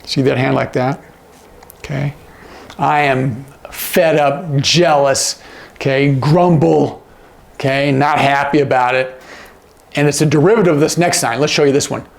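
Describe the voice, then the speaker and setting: A man's voice: medium pitch, fairly even intonation, measured pace, vocal fry. A man teaching sign language in a casual, demonstrative way, often checking in with "okay?" as he explains. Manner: demonstrative, asks frequent check-in questions.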